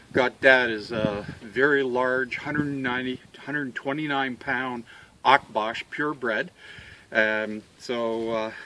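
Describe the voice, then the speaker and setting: Slow, halting man on a farm. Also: mid-range voice, pushed and bright, a little hiss or hum. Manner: unhurried and halting, with many uh and um fillers; fond, coaxing talk to the dogs. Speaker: dog breeder selling puppies. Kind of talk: casual farm video walkthrough. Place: outdoors on a farm.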